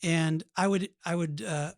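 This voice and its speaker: A man's voice: a little high, fairly even intonation, unhurried, gravelly, no room sound, studio quality. A man hosting a podcast in casual chat, earnest and rambling, often restarting his sentences. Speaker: podcast host.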